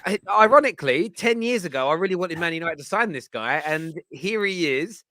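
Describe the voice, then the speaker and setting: A man's voice: high-pitched, animated, fairly quick, sharp tone. A man hosting a football podcast who asks questions eagerly and stretches some words for emphasis. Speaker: podcast host.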